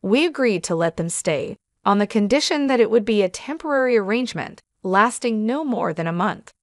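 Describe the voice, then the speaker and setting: A woman's voice: medium pitch, expressive, brisk, dry recording. Woman reading a story, dry close sound. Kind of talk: scripted first-person story narration.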